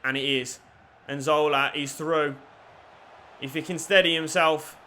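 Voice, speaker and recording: A young man commentating his own football video game and chatting to viewers, shouting at goals and swearing at the referee. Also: on the high side, fairly even intonation, unhurried, pauses often, background noise. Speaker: gaming YouTuber.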